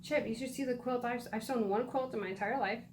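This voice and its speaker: Excitable, fairly high-voiced woman. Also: fast, far from the mic, a little hiss or hum. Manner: excitable, gushing. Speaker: podcast co-host. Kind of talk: casual chat.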